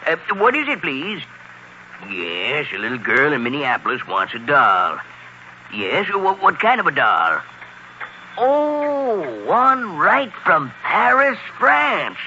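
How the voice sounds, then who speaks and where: Hearty Santa, bright and animated, faint hiss of an old radio broadcast. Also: male voice, mid-range voice, lo-fi sound. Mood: cheerful. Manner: hearty, chuckling, brisk on the phone. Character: jolly busy old Santa Claus, kindly. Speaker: Santa Claus. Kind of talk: 1950s children's radio drama.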